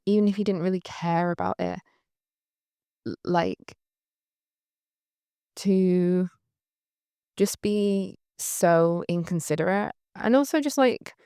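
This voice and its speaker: A young woman with a light Northern English accent telling a candid, rambling story, full of fillers and quick laughs. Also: on the low side, vocal fry, dark tone, clear, resonant tone, no room sound, clean studio sound. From Northern England. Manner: chatty, rambling, laughs often, many "like" fillers. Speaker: photographer recalling her career. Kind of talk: candid anecdotal monologue.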